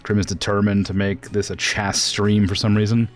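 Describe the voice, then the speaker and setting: A man's voice: fairly low pitch, level tone, normal speed, faint music behind. A man streaming a game, chatting casually and answering his chat with frequent laughs.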